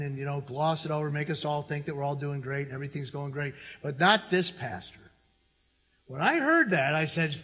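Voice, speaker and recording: High-voiced pastor preaching in a reverberant hall. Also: male voice, lively intonation, a little fast, pushed and bright. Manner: conversational preaching with asides to the congregation. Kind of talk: sermon. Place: church sanctuary.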